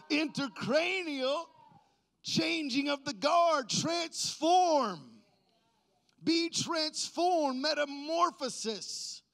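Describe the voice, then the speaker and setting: A man with an extremely high-pitched voice preaches a sermon, moving between quiet talk and loud, drawn-out proclamations while joking playfully with the congregation.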